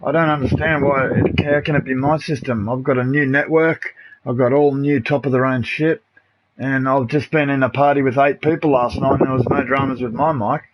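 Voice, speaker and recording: Brisk and steady, in a mid-range voice, a middle-aged Australian man talks casually with his party on a live game stream. He comes across blunt and aggrieved, swearing freely and calling everyone mate and bro. The recording is a muffled, noisy home streaming mic.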